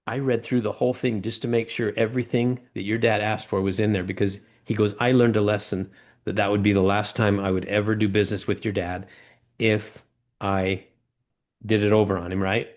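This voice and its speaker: A middle-aged man tells stories as a guest in an interview, his voice sitting low. He acts out the people in his anecdotes with lively jumps in pitch, and he often goes back and restarts a phrase as he talks. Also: brisk. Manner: animated storyteller acting out quoted voices. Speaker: guest, former ladder company owner. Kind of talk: storytelling interview talk.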